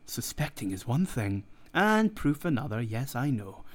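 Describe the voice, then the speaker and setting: A man's voice: medium pitch, big pitch swings, measured pace. A man voicing a cool, sneering young doctor in an audiobook reading, worldly and dismissive.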